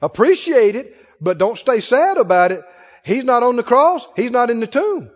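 Male preacher, fervent sermon delivery with congregation responses; wide-ranging high voice, dull lo-fi hall recording. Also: sing-song, moderate pace.

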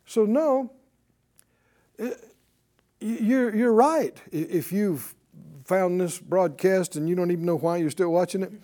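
A Bible teacher giving a broadcast lesson in an animated, conversational way, asking the audience questions and chuckling while teaching. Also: mid-range voice, a little slow.

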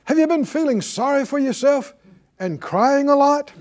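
A man's voice: extremely high pitch, lively intonation, darkish tone. A man preaching a sermon, leading his listeners to repeat lines and asking a list of emphatic questions. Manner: slow, deliberate preaching with call-and-response. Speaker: pastor.

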